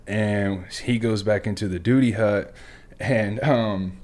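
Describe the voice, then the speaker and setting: A man's voice: fairly low pitch, slow. A young adult man hosting a casual chat, telling a profane bootcamp story and acting out the voices in it. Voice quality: profane, animated storyteller who acts out quotes. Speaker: podcast host.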